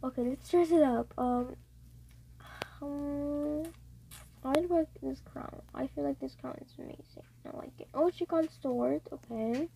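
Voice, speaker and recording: Excitable high-voiced woman gaming vlogger. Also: measured pace, gravelly, slight background noise, poor audio. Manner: excitable, gasping, repeats exclamations. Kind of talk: casual gameplay commentary.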